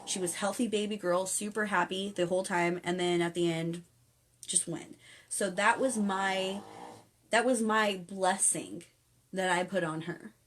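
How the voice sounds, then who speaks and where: Streaming from home through a phone or webcam, a young woman hosts a casual spiritual chat, earnestly reading out viewer comments and rambling with coaxing encouragement. Her medium-pitched voice is unhurried, with fairly even intonation.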